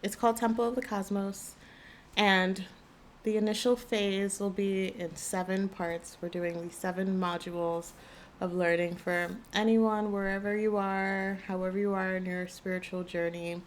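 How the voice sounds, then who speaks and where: A woman giving a soft, soothing channeled spiritual reading, with a gravelly morning voice. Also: medium pitch, flat delivery, a little hiss or hum. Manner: slow, soft and soothing, gentle guidance. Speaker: intuitive reader. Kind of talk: channeled tarot-style reading.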